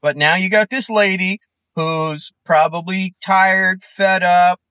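A comedian guesting on a podcast, talking in an animated, opinionated way and acting out quoted voices. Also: male voice, sits high, slow, clear, resonant tone, no room sound, lo-fi sound. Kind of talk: casual podcast chat.

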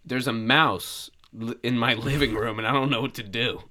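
A man's voice: medium pitch, steady tone, normal speed, pushed and bright, a little hiss or hum. A man chatting casually with a friend, playful and joking, reading forum posts aloud. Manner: playful, says "dude", laughs a lot. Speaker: co-host.

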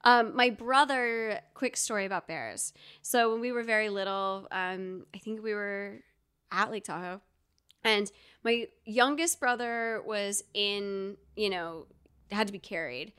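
Speaking at a measured pace, this podcast co-host from Georgia has a medium-pitched, fairly bright, smooth voice. She's a chatty storyteller in a casual conversation, full of fillers and side remarks.

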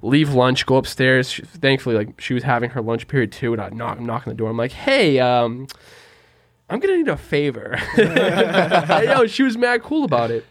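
Young man telling animated stories, dry sound. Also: medium pitch, fairly quick, few pauses, no room sound. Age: young adult. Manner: animated storyteller, acts out quoted lines, slangy. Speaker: podcast co-host. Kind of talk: casual chat.

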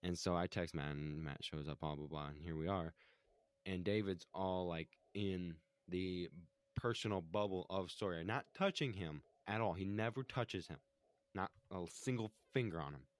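A man with a low voice tells a story in relaxed podcast chat. He is heated and swears in almost every sentence. The sound is dry and close. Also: moderate pace, smooth, no echo. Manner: heated, swears constantly, acts out quotes. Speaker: podcast co-host telling a story. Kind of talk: casual chat.

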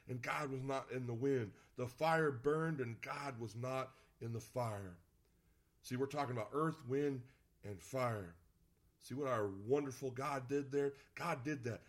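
A man preaching a sermon as pastor, reading scripture aloud and talking to the congregation in a conversational, playful way. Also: medium pitch.

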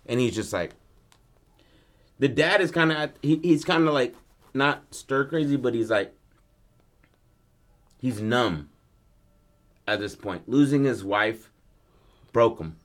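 A man casually pitching a film story, acting out the characters' lines, swearing freely and rambling with restarts. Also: expressive, slow, long pauses. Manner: loose, rambling, many restarts and fillers.

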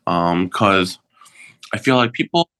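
A man in his thirties from Michigan, a drag performer chatting as a podcast guest, relaxed with many ums and laughs. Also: low-pitched, slow, clean tone. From Michigan, USA. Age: 30s. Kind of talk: casual podcast chat.

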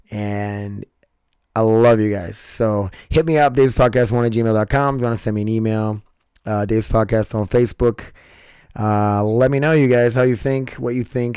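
A man hosts his own podcast in a casual late-night monologue, rambling, swearing, and cutting himself off. His fairly low voice is a little mellow but comes through a scratchy, strained throat. The studio-quality sound is clean, with no echo.

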